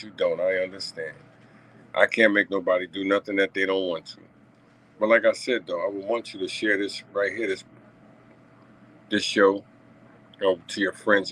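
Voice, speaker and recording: A man's voice: on the low side, fairly bright tone, rough recording. A man talking to his viewers in a casual commentary monologue, emphatic and repetitive, checking in with asides and chuckling between points. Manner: emphatic and repetitive, frequent "you know what I'm saying" asides. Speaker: vlogger commenting on a news story.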